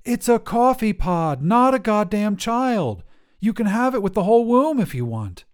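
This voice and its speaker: Male reader doing a frantic young woman caller, exasperated and pleading, high and animated. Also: natural voice. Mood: furious. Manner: exasperated, pleading, quick to anger. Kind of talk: audio drama reading.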